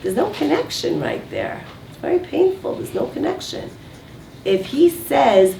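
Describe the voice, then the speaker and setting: A woman with a gravelly voice coaches a live audience through a communication lesson and draws answers from the room. She is heard from a distance in an echoey space. Faint noise sits under her voice. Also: high-pitched, wildly swooping pitch, a little slow, mellow. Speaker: communication workshop instructor. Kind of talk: teaching to a group.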